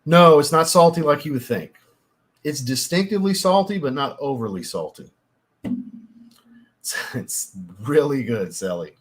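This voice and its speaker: A husky-voiced man talks straight to his livestream audience. His pitch sits in an ordinary middle range, and he rambles in a casual, chatty way that turns theatrical when he gets worked up. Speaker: fragrance reviewer hosting a livestream.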